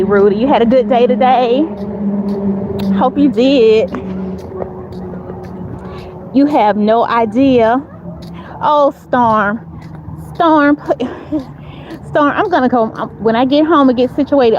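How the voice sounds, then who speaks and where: A woman hosting a casual livestream, chatting with viewers and laughing often as she walks to her car, talking into a handheld phone. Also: fairly high pitch. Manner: chatty, talks to chat readers, frequent laughs and fillers. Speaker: livestream host. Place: outdoors, walking to her car. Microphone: phone held in hand. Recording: dull phone audio with outdoor noise.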